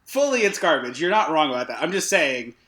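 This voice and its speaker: A man co-hosting a casual film podcast, talking in an animated, jokey way and readily conceding points. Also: fairly high pitch, fairly quick. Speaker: podcast co-host.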